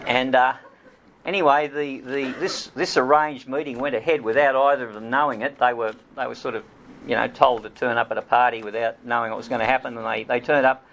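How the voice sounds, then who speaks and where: A middle-aged man tells a story from his own research. His voice has a creaky, gravelly texture. He pauses often on ums and restarts phrases as he goes. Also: medium pitch, steady tone, a bit bright, slight background noise. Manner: hesitant, many ums and restarts. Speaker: author giving a talk. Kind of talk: storytelling talk.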